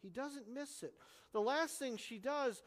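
A man with a notably high speaking voice preaches an expository sermon, earnest and explanatory, pressing hard on key words. His voice carries a long reverb from a church sanctuary. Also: measured pace. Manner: earnest, explanatory teaching with strong emphasis. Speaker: pastor.

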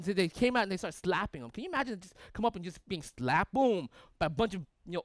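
A man's voice: sits high, a bit bright, dry recording, studio quality. A male pastor preaching a sermon in a conversational way, asking his listeners rhetorical questions and building long emphatic lists.

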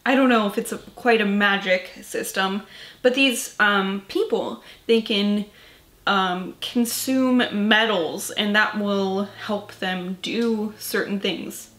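A woman's voice: medium pitch, fairly even intonation, slow, fairly bright tone, echoey room. A woman vlogging about books in a casual chat, tired and rambling, swearing casually and filling her talk with "like" and "um". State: tired, yawning. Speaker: book vlogger.

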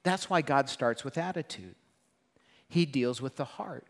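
A man preaching a sermon to a congregation, animated and joking, acting out quoted voices. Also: medium pitch, measured pace, in a large hall. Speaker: pastor. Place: church hall.

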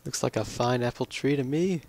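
A tired young man slowly rambling through casual commentary on his own game. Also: medium pitch, a little mellow, a little hiss or hum. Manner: slow, drowsy, rambling. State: tired, yawning. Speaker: let's play gamer.

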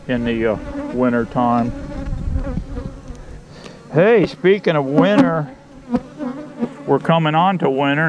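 A man's voice: mid-range voice, lo-fi sound. A man from Florida, chatting casually to viewers and his bees while he works the hives outdoors. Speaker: beekeeper vlogger. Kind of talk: casual chat while working. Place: outdoors at beehives. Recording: insect buzz and outdoor noise.

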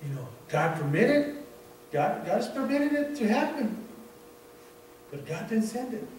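A man giving an informal sermon as a church elder, telling a story from work with many halting restarts. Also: extremely high pitch, big pitch swings, darkish tone, recorded from a distance. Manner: repetitive, halting restarts, conversational. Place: church sanctuary. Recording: very echoey room, voice off-mic, faint noise.

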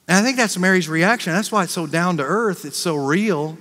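A man with an American accent, a pastor preaching a sermon in a conversational way, acting out quick reactions and repeating words. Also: fairly high pitch, sharp tone. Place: church sanctuary. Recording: long reverb of a large church.

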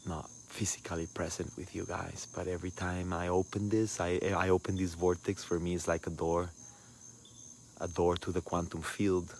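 Man, low flat gravelly voice, soft and intimate, faint crickets behind. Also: normal speed, slight background noise. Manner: soft, intimate, mixes in Spanish words. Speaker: spiritual livestream host. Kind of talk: slow heartfelt livestream sign-off.

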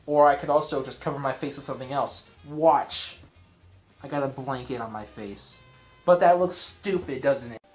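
A man's voice: medium pitch, moderate pace, soft background music. A man chatting casually to the camera in a jokey, self-mocking way.

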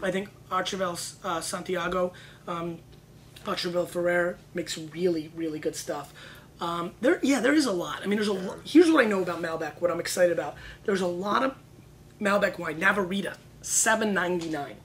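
A man hosting a wine tasting show, talking in excitable, joking, rapid bursts. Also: sits high, slight background noise, rough recording. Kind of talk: casual wine tasting chat.

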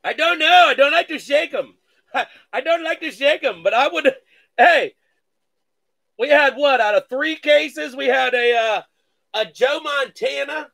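High, gravelly, excitable card-break host. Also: male voice, unhurried. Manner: excitable, hype catchphrases, mock-cursing. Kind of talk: live card-breaking stream chat.

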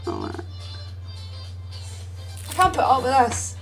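A young woman talks straight to her stream audience in a high, bright voice, unhurried and chatty, cursing without a second thought. She sits at her home setup, speaking into a streaming microphone with faint music underneath. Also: lively intonation. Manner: chatty, blunt, swears freely. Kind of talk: casual live-stream chat.

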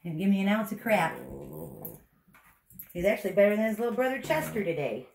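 Brisk and lively, this medium-pitched groomer walks through her technique while sweet-talking the dog in a chatty, reassuring way. Her indoor grooming room sounds echoey with some faint background noise.

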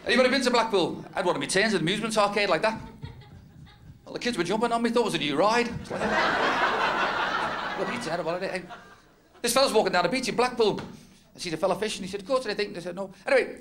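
A man's voice: sits high, fast talker, long pauses. A man from North West England doing a rambling, self-mocking stand-up routine on a club stage, often laughing at his own jokes. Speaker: stand-up comedian. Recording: noisy old club recording. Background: audience laughter.

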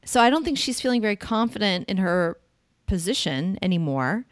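A woman's voice: mid-range voice, expressive, normal speed, no echo. Opinionated female host with a mid-range voice and a dry, close sound. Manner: blunt and opinionated. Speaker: podcast host. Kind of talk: casual political chat.

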